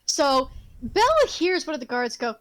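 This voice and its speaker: Woman game master narrating dice rolls, high voice, dry close sound, lively and laughy. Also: moderate pace, no echo, rough recording. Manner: animated, laughing, casual swearing.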